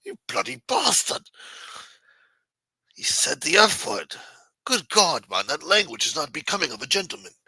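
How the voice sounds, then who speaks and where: A man mocking a shrill scandalized English gentleman. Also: wildly swooping pitch, moderate pace, long pauses, slightly rough, dry recording, exaggerated voice, rough recording.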